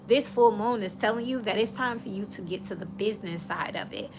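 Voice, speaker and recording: A woman's voice: mid-range voice, a little fast, noisy background. A woman giving a casual tarot reading, talking in a chatty, direct, coaching way. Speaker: tarot reader.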